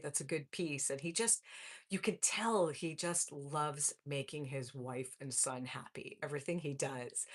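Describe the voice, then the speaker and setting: Low-voiced woman chatting on a live stream. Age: 40s. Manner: warm, upbeat, addresses viewers as folks. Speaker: live stream host reading viewer comments. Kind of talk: casual live stream chat.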